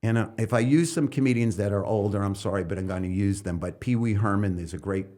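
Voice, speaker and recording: A middle-aged man from New York City, a stand-up comedian and coach, talking loosely as a podcast guest and breaking into loud comic bits mid-thought. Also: on the low side, fast talker. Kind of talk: loose conversational interview talk.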